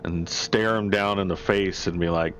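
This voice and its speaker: A man's voice: sits low, steady tone, moderate pace, fairly bright tone, a little hiss or hum. A man playing a tabletop game, plain and matter-of-fact. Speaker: player. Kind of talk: casual tabletop play.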